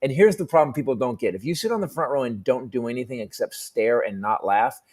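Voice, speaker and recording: A middle-aged comedian telling a profane stage story on a talk panel, jumping into high, loud voices for the people in it. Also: male voice, animated, quick pace, slightly rough. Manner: profane, punchy anecdote telling. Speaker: comedian guest.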